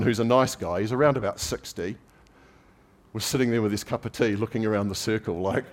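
A pastor with a lowish voice preaches a conversational sermon at a fairly quick clip. He tells everyday stories in a relaxed, anecdotal way, with light touches of humor.

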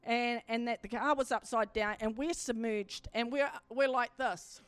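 High-voiced woman preaching a testimony. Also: measured pace, no room sound. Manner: animated storytelling that swells into fervent exhortation. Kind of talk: sermon testimony.

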